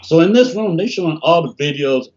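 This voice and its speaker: An older man from Detroit telling animated stories in a casual interview over a video call, often acting out what people said. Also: fairly high pitch, brisk. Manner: animated, laughing storyteller, acts out quotes. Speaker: interview guest, bassist. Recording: dull lo-fi call audio.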